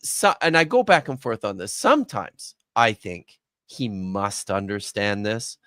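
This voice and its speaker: A male guest in a casual reaction chat, speaking in a deliberate, exasperated way. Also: on the low side, very animated, bright, forceful tone, no echo, clean studio sound.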